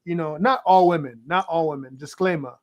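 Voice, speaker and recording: Male co-host with a high voice, casual and hesitant, lots of filler words. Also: brisk, muffled recording. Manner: hesitant, stacks fillers like "right?" and "like". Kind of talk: casual opinionated discussion.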